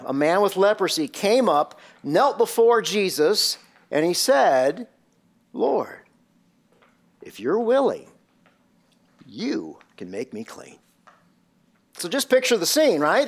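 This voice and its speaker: Slow, storytelling preacher. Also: male voice, sits high. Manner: vivid storytelling with rhetorical questions. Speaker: pastor. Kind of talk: sermon.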